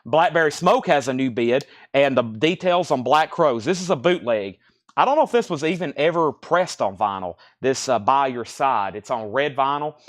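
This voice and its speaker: A man hosting a live vinyl record sale, rattling off titles, prices and bids in quick auction patter, a little out of breath. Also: medium pitch, expressive. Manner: rapid-fire listing of prices and bids.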